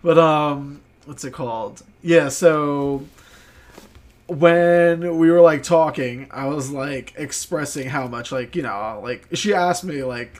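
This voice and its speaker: A man's voice: a little high, slow. A man telling a rambling story on a podcast, full of filler words and swearing. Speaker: podcast co-host. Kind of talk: casual chat, storytelling.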